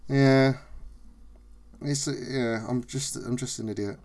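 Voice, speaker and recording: A man in a loose, sweary podcast chat. His voice sits at an ordinary middle pitch, and he tells his work stories with animated energy. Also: a little slow. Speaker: podcast co-host. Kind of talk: casual comedy chat.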